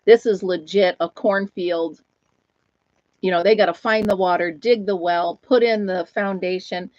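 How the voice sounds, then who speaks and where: A woman's voice: fairly low pitch, steady tone, a little slow, darkish tone, no echo. Brief: older woman hosting a home live stream, rambling friendly chatter, dry close recording, muffled lo-fi audio. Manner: rambling, chatty, laughs often. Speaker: host of a live knitting chat stream. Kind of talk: casual live-stream chat. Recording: dull, lo-fi, dry sound.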